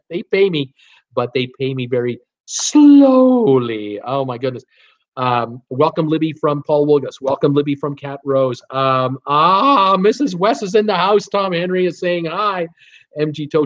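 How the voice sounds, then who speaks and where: Chatty man hosting a lo-fi livestream. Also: a little high. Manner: chatty, rambling, laughs often. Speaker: live stream host reading chat. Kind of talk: casual live chat. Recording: dull lo-fi sound.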